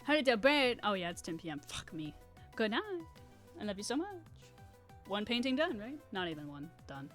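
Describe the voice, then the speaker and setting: A woman's voice: medium pitch, normal speed, soft background music. A woman in her twenties chatting casually on a live stream while she paints, rambling through stories and acting out quotes. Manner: rambling, animated storytelling with acted-out quotes and laughter.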